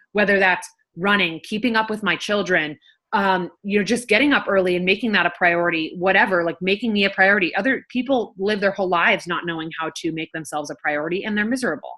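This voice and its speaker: A woman in her thirties talks straight to her viewers in a bright, crisp voice at a middling pitch. She sounds like a nurse and coach sharing tips, chatty and frank, and she tosses in a curse word now and then. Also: fairly quick. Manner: chatty, frank, swears casually. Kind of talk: casual talk to camera.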